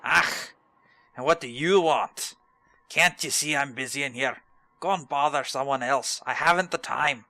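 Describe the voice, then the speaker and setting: A man voicing a gruff male dwarf quest-giver in a clumsy put-on Scottish accent, reading in a brusque, booming way. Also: measured pace, bright, forceful tone, no echo. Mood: grumpy. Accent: Scottish, put on badly.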